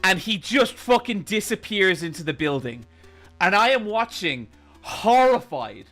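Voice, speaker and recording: Male streamer, casual storytelling, swears a lot, exasperated, high voice, bright tone. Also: a little slow, soft background music. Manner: animated, exasperated, swears constantly. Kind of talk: casual storytelling while gaming.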